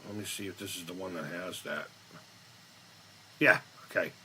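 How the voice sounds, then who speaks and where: A man's voice: sits low, normal speed, sharp tone, a little hiss or hum. A man in his fifties hosting a casual live-stream chat, rambling, blunt and profane as he reads the chat. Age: 50s.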